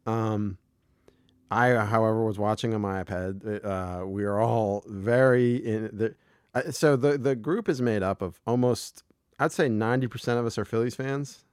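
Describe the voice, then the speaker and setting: A man's voice: fairly low pitch, moderate pace, clear, resonant tone, dry recording, studio quality. An American man co-hosting a podcast, chatting casually in a rambling way with lots of swearing and restarts. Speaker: podcast co-host. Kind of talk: casual chat.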